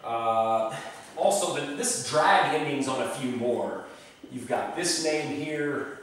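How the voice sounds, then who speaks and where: A man presenting travel tips in a chatty way, slowly sounding out names and repeating them. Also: mid-range voice, lively intonation, a bit bright, distant mic, slight background noise. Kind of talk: casual explanatory talk. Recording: echoey room, voice off-mic.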